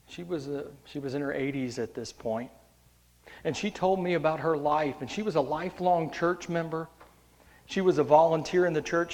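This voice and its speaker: A man preaching a sermon as pastor, addressing the congregation directly and moving between hushed storytelling and loud, impassioned preaching. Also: fairly high pitch.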